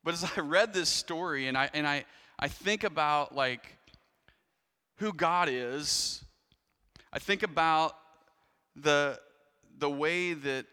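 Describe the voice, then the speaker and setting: A pastor preaches a sermon in a church, telling a story conversationally with frequent restarts and asides. His voice is a little high, sharp-toned, and smooth, with the sound of a big room around it.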